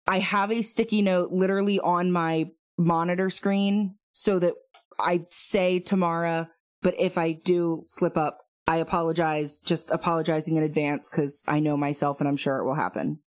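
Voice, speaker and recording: Woman podcast host, lower-pitched voice, casual chatty delivery, frequent ums and asides. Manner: chatty, many fillers and asides. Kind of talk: casual true-crime podcast chat.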